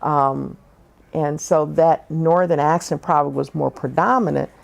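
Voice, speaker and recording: A woman with a low, gravelly voice tells her story in an oral history interview. She speaks frankly and reflectively, pausing often with fillers as she gathers her thoughts. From northern United States.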